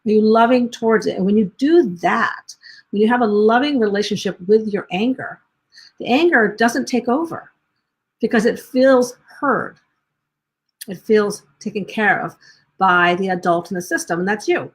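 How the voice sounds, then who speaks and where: A woman giving a live-streamed talk to parents as a parenting coach. She speaks gently, asks many questions in a row, and often restarts and rephrases mid-sentence. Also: medium pitch, moderate pace.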